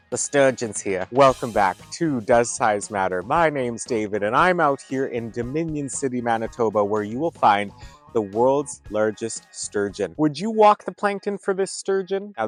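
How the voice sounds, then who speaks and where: Brief: male comedy travel host, pun-heavy mock tourism patter, goofy showman, very lively pitch, faint music under. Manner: goofy, over-the-top showman delivery. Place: outdoors at roadside attractions.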